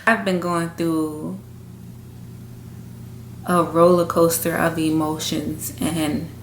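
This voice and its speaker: Young woman, somewhat low voice, halting frank vlog talk, echoey room, faint background hum. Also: fairly bright tone. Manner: halting, frank, emotional talk with many fillers. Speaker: vlogger. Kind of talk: candid personal vlog. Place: indoors at home.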